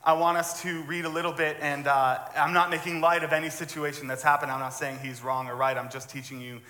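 Man, pastor, bright slightly high voice, earnest conversational sermon, echoey hall with long reverb. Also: little pitch movement, fairly quick. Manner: earnest, conversational preaching with frequent restarts. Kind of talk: sermon with scripture reading.

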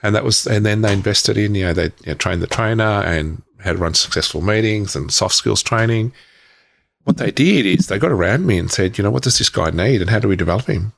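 A middle-aged man, a podcast guest, telling his life story frankly, with halting restarts and the odd swear word. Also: fairly low pitch, gravelly. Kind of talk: candid personal storytelling.

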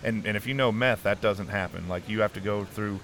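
A man's voice: on the low side, fairly quick, a bit bright, a little hiss or hum. A middle-aged man, an interview guest, telling his personal testimony earnestly and emotionally, restarting often and saying "man" a lot.

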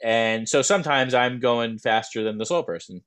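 A young man at an ordinary middle pitch, chatting casually as a podcast co-host. He rambles, circles back and restarts his sentences as he tells a story. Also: normal speed, a bit bright, clear, resonant tone. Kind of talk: casual chat.

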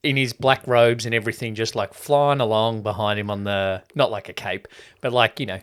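A man's voice: on the low side, steady tone, brisk, a bit bright, clean tone. A man, co-hosting a casual podcast and retelling a movie plot in a loose, rambling way with casual swearing. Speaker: podcast co-host. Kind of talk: casual film-review chat.

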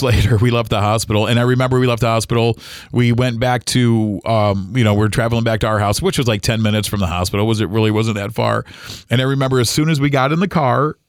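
A middle-aged man from Ohio, slowly recounting his father's death in a halting, emotional way, with many restarts. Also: lowish voice, dry recording, studio quality. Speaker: podcast host. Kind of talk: personal storytelling.

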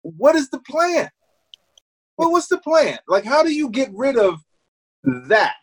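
High-voiced man ranting emphatically. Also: sing-song, a little slow, low-quality recording. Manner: emphatic, profane, fires rhetorical questions. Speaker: podcast co-host. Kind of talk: casual political chat.

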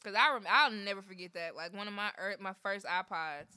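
A woman hosting a podcast in casual, profane chat, telling stories in a lively way and laughing. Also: medium pitch, a little fast, clear, resonant tone. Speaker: podcast host.

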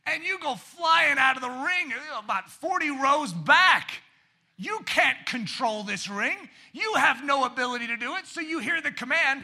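A man preaching a sermon, animated, shouting for emphasis and dropping to quiet asides. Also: extremely high pitch, moderate pace, creaky. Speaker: pastor.

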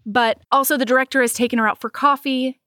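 Brief: podcast woman, higher voice, dry close mic, expressive and profane book recap. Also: fast, no room sound. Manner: animated, swears freely, acts out characters' lines. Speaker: podcast co-host reviewing a book. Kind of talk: casual chat, recapping a book.

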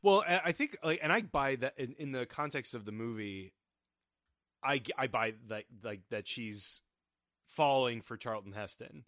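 Man podcast co-host, casual and laughing, bright tense voice. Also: mid-range voice, animated, moderate pace, no room sound, studio quality. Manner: chatty, laughing. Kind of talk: casual film discussion.

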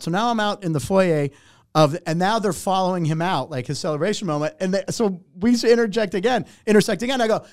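A middle-aged man, a warm-up comedian, telling a story in casual chat, animated and profane, acting out what people said. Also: high-pitched, fast, no room sound, clean studio sound. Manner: animated, profane, acts out quotes.

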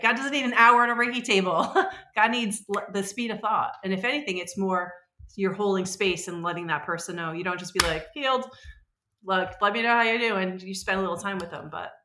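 A woman in her forties, a podcast guest telling stories in a rambling, animated way and acting out the voices she quotes. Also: mid-range voice, quick pace, reverberant. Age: 40s. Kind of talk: casual conversational storytelling.

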